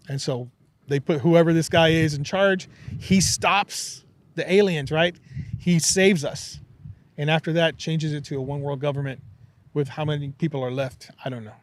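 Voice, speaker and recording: A man hosting a podcast in casual chat, telling a conspiracy story in an animated, excitable way. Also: on the high side, moderate pace, rough recording. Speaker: podcast host.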